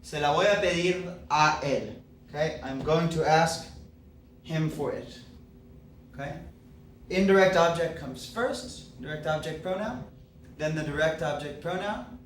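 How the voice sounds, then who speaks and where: A man teaches Spanish grammar at a board, patient and methodical, often pausing to ask okay or right. His voice sits a little high. He is recorded from across an echoey classroom with a faint hum of room ambience. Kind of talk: explaining grammar at a whiteboard. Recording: echoey classroom, mic at a distance.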